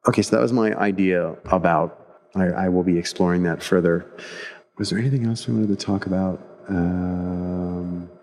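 A man's voice: sits low, fairly even intonation, normal speed, darkish tone. A man co-hosting a casual chat, telling rambling stories with many restarts and acted-out quotes.

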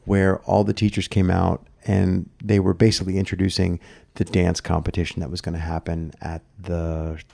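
A man co-hosting a podcast, telling stories in a relaxed, teasing way and laughing often. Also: sits low, normal speed, gravelly, dry recording. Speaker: podcast co-host. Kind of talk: casual chat.

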